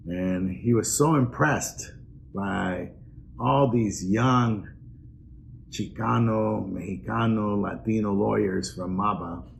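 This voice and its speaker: An older man giving a personal, earnest introduction speech at an awards event, pausing with fillers as he reminisces. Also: fairly low pitch, creaky, slight background noise. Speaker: award presenter.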